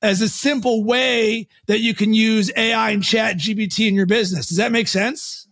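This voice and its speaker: A man being interviewed as a guest on a podcast, a coach and founder explaining his ideas in an energetic, conversational way, with fast runs and loud emphatic bursts. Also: high voice, vocal fry.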